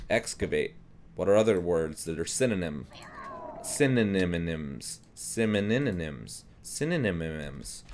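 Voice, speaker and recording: Low-voiced rambling young man. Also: slight background noise. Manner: rambling and jokey, with frequent restarts. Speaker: gameplay commentator. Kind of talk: casual gameplay commentary.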